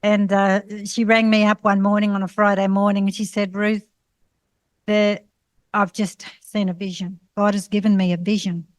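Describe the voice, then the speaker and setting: A middle-aged woman tells a personal testimony on a panel, pausing often and restarting her sentences. Her voice sits in an ordinary middle pitch. The sound is dry and close, with no room echo. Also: flat delivery. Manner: halting, many fillers and restarts. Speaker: panel speaker sharing testimony. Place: college panel session.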